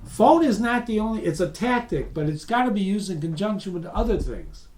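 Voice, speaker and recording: A middle-aged man presenting a business course in a lively, conversational way, acting out phone calls. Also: high voice, a little fast, low-quality recording. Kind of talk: lecture for professionals.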